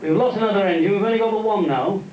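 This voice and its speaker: Comedian playing an unflappable airline pilot on the speaker, echoey live room. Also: male voice, high-pitched, rapid-fire, darkish tone, far from the mic, lightly acted. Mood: calm. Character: calm airline pilot making announcements.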